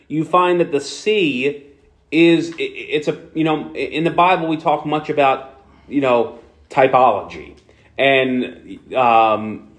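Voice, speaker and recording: Philly guy preaching sunday morning, chatty, lots of uh and restarts, mid pitch. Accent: Philadelphia. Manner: conversational preaching with frequent restarts and fillers. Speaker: pastor. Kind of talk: sermon.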